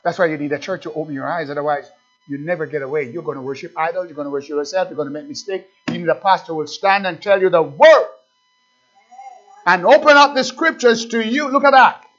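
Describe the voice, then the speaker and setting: A male pastor delivering an animated sermon and repeatedly questioning his congregation. His voice sits fairly high. The recording sounds dull and lo-fi, with faint music in the background. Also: quick pace.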